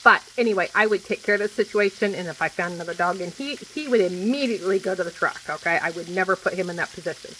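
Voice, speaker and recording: A woman's voice: fairly low pitch, fast talker, hardly any pauses, pushed and bright, poor audio. Blunt, swearing woman in her forties. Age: 40s. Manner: blunt, swears freely, repeats herself for emphasis. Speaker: vlogger. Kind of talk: casual venting monologue. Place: home kitchen while food cooks. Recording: faint frying noise behind. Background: food sizzling in a pan.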